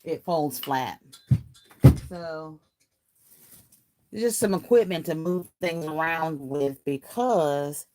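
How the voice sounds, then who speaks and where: A woman's voice: low-pitched, slow pace, pauses often, darkish tone. A woman hosting a casual crafting livestream. She reads viewer comments aloud and greets viewers by name in a chatty, folksy way, laughing often.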